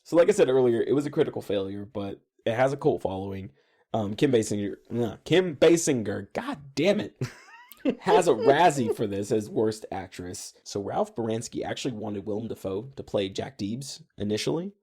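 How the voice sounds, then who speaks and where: A young man co-hosting a podcast, chatting casually and laying out facts in a relaxed way. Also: on the low side, normal speed, slightly rough. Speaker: podcast co-host. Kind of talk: casual chat.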